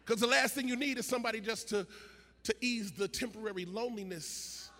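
High-voiced, bright male preacher in a hall. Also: a little fast. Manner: builds to shouted, sing-song preaching cadence. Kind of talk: sermon. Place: large conference hall. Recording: long hall reverb, faint ambient noise.

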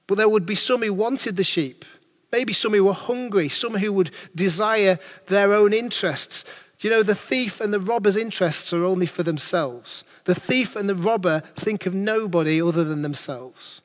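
Man, pastor's sermon, fairly high voice, earnest, rhetorical questions, long church reverb.

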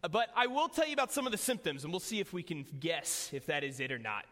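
A man's voice: on the high side, sing-song, fast, a bit bright. A young man preaching a sermon in a casual, joking way, telling a personal story to his church. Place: church hall. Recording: long hall reverb.

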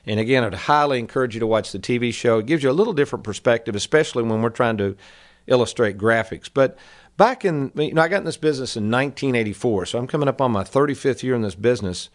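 A man's voice: mid-range voice, fast. A man in his fifties hosting a financial advice radio show, talking in a folksy, conversational way and calling listeners "folks.". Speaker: financial advisor radio host. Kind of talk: casual radio talk.

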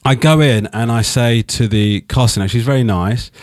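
A man's voice: medium pitch, moderate pace, darkish tone, no echo, studio quality. British man telling a rambling story. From England. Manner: swears freely, rambling anecdotes with "do you know what I mean". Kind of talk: casual podcast chat, storytelling.

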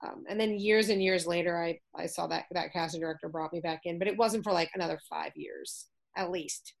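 A woman guest, an actress and comedian, telling stories in casual chat, lively, acting out the voices of others and swearing freely over a remote call. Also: fairly low pitch, fairly quick, gravelly.

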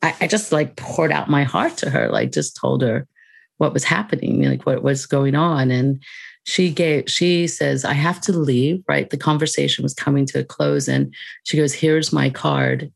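A woman guest on a podcast, telling a personal story in a reflective, unhurried way with soft laughs. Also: sits low, big pitch swings, vocal fry, breathy edge, no room sound.

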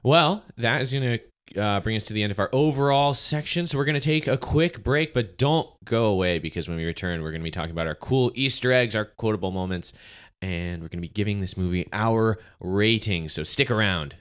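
A man's voice: on the low side, animated, brisk, a bit bright, clean tone. A man from rural South Carolina hosting a casual movie podcast, steering the segments with enthusiasm. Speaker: podcast host.

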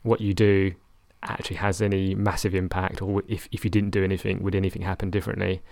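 A man's voice: low voice, flat delivery, fast talker, vocal fry, a little mellow, no room sound. A young man talking casually about his football management game, rambling and correcting himself with a wry tone. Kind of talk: casual chat.

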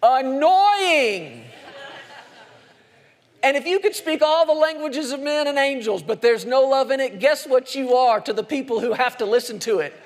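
High-voiced preaching man. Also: some chatter behind. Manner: dynamic preaching, slows and drops soft for emphasis, rises for punchlines. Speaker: pastor. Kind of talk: sermon.

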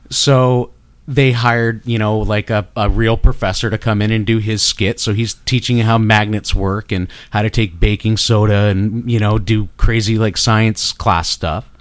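In a casual interview chat, a middle-aged guest artist from Canada, speaking with a Canadian accent and a lowish voice, rambles with enthusiasm. Fillers and restarts come often, and the recording has no room sound.

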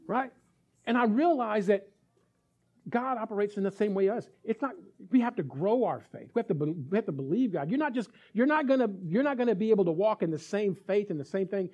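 A man's voice: high voice, animated, a little fast, a little mellow. A male pastor preaching a sermon with energy. He acts out little scenes and keeps checking in with the congregation.

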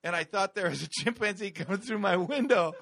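A man in casual chat, telling stories with lots of profanity, laughter and shouted re-enactments. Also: high-pitched, a little fast, gravelly, no echo, studio quality.

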